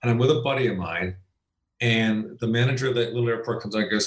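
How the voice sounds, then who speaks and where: A man's voice: on the low side, quick pace. Man telling stories in a roomy room. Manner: animated storyteller, acts out quoted voices. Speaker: guest comedian. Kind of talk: casual chat. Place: his home. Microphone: remote call.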